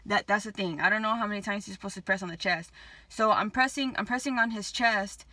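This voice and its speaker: Agitated swearing woman vlogger, bright voice. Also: mid-range voice, fast, no room sound. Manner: agitated, heavy swearing, many restarts. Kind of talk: emotional storytime vlog.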